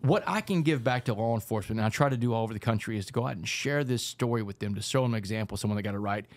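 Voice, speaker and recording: A man tells his story as a podcast guest, animated and fast-paced. His speech is rapid and energetic, and he keeps slipping in "man". The recording is dry and close, with no room sound. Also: on the low side, dry recording. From Texas, United States. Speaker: podcast guest, author and speaker. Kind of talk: storytelling in a casual podcast interview.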